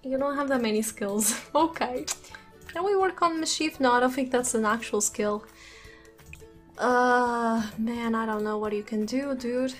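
A woman's voice: fairly high pitch, measured pace, soft background music. A woman giving let's play commentary on a life sim game, chatty, giggling often and reacting aloud from a desk microphone. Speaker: gaming YouTuber. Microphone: desk USB microphone.

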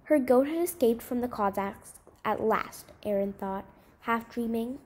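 A woman reading a short story aloud in an expressive, dramatic way. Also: fairly high pitch, a little slow.

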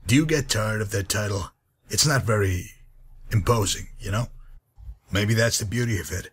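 Game NPC: man playing a husky, low-voiced, weary wasteland guide. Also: moderate pace, a bit bright. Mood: weary, dry. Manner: dry, weary, patient. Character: gruff grizzled male wasteland guide. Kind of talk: game character dialogue.

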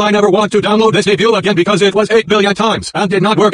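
A male channel host rambling excitably through a reading and his own commentary, exclaiming over and over, with the playback sped up. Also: high-pitched, quick pace, few pauses, no room sound. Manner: excitable, keeps exclaiming "oh golly".

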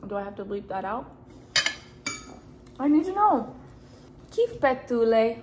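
A woman's voice: a little high, sing-song, a little slow, long pauses, darkish tone, a little hiss or hum. A woman from Colorado with a Mountain West accent, chatting casually and playfully in a home vlog, giggling as she tries out words. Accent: American Mountain West. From Colorado, USA. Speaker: vlogger. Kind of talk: casual couple vlog chat.

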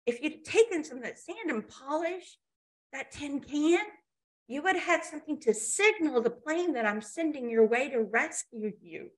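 A woman's voice: sits high, lively intonation, takes it slowly, hardly any pauses, dark tone, pitched above the performer's own voice. An all-powerful god scolds a foolish man, voiced by a woman telling a story. He sounds sarcastic and fed up. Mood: scolding.

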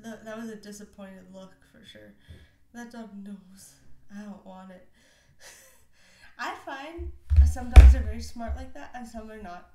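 Fairly high in pitch and warm in tone, this young woman hosts a casual reaction video from an echoey room with faint noise. She chats and giggles, speaking the pets' imagined thoughts.

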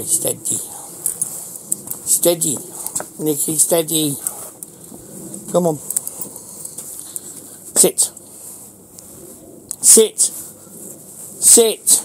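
A man's voice: fairly high pitch, mellow, slight background noise, poor audio. Man from the north of england training his dog. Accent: Northern English. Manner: gives short repeated commands to his dog. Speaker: dog owner vlogger. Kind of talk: casual dog-training vlog.

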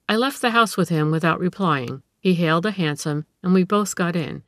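Female audiobook reader, measured narration, lowish, dry close sound. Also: dry recording. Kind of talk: scripted narration of a classic story.

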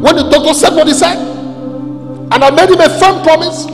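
An actor with a Nigerian accent playing a proud, quick-tempered rich chief and husband in a film drama, talking with emphatic, indignant outbursts. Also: male voice, extremely high pitch, in a large hall, over music. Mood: angry.

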